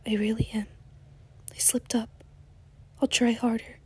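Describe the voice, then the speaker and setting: A fearful young man pleading in a hushed, breathless whisper, as a woman reads him aloud in an audiobook. The voice is hoarse, mellow and close, in a dry room with no echo, the tone staying narrow and low-key. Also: little pitch movement, slow pace, exaggerated voice. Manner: soft unvoiced whisper in pleading lines.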